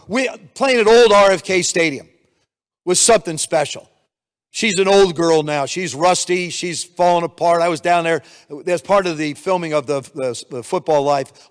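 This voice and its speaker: A man in his seventies from the United States delivers a motivational keynote, spinning stories and acting out the dialogue in them. His voice sits fairly high for a man. The sound rings with the long reverb of a large hall. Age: 70s. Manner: storytelling, animated, acts out dialogue. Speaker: keynote speaker.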